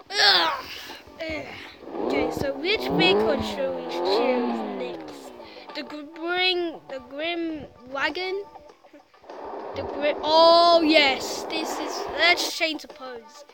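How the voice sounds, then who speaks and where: A woman commenting on a physics game she is playing, excitable and teasing, trash-talking the crash dummy on screen. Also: high-pitched, slow, creaky, noisy background. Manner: excitable, shouts and trash-talks the game character. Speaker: gameplay commentator. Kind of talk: excited let's-play commentary. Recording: loud game music behind.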